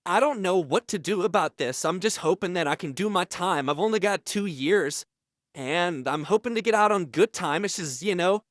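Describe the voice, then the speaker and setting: A man telling an absurd prison story in an earnest, deadpan way. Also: high voice, normal speed, no room sound, studio quality. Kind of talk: comedic storytelling.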